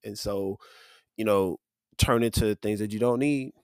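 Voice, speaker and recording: A man's voice: lowish voice, a little slow, a little mellow, clean tone, dry recording. Earnest man, dry close sound. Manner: earnest, conversational, with frequent "like" and "you know". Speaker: podcast host. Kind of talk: reflective faith-based monologue.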